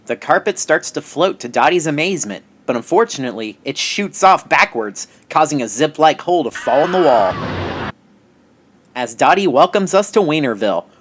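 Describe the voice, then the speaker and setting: A narrator reading a comedy story aloud, in an animated way. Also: medium pitch, normal speed, slight background noise.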